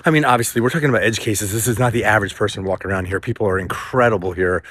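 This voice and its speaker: A man's voice: fairly low pitch, very fast, fairly bright tone, no echo. A middle-aged man from the United States telling a story in a casual, rambling vlog, with fillers and asides, recorded outdoors in the wind. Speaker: vlogger. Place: outdoors in a windy town. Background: faint wind noise.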